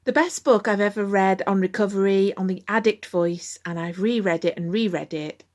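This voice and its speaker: A woman's voice: medium pitch, moderate pace, a little mellow. Candid woman hosting a recovery podcast. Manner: candid, conversational. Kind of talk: podcast monologue.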